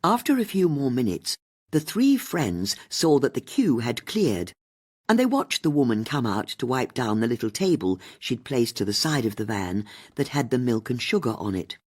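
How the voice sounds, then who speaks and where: An audiobook narrator telling a mystery story with expressive delivery. The voice is husky and rises and falls widely in pitch. Its pitch sits mid-range. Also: moderate pace.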